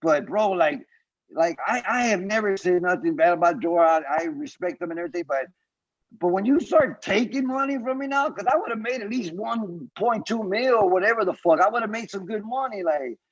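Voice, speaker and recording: A man, a guest comedian on a podcast, telling stories in casual chat, profane and animated, acting out what others said. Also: sits high, moderate pace, highs cut off. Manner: animated storytelling, profane, acts out quotes.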